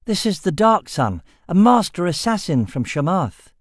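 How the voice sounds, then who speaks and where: A man reads a cocksure young man in an audiobook, his voice jumping up high and bright with glee as he boasts about his new friends. The tone swings widely and eagerly, close and dry. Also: normal speed, dry recording. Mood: delighted. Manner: excited, boastful. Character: cocky swaggering young man, delighted.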